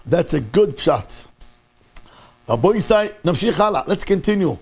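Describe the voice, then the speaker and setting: Animated high-voiced gravelly rabbi. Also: male voice, moderate pace. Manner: animated, mixes Hebrew and Yiddish terms into English, asks the audience questions. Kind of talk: Torah class sermon. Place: synagogue.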